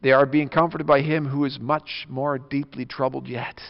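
A pastor preaching an earnest, emphatic sermon, his voice swinging between soft and loud. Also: mid-range voice, flat delivery, moderate pace, vocal fry. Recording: dull lo-fi audio with long reverb.

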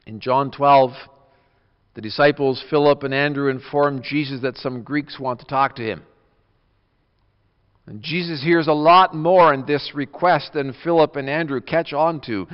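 Slow, earnest preaching man in a reverberant hall. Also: fairly high pitch. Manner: earnest, emphatic preaching with wide swings in loudness. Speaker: pastor. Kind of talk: sermon. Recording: dull lo-fi audio with long reverb.

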